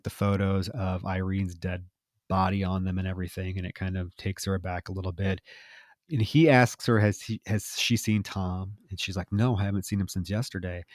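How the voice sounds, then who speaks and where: On a podcast he co-hosts, a man with a low-pitched voice chats casually through a movie recap, going scene by scene and quoting the characters in an animated way. The recording is dry and clean, studio-grade.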